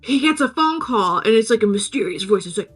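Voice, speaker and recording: A woman hosting a podcast, recapping a film in a casual, sweary, animated way. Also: a little high, a little fast, slightly rough, faint music behind. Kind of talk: casual chat.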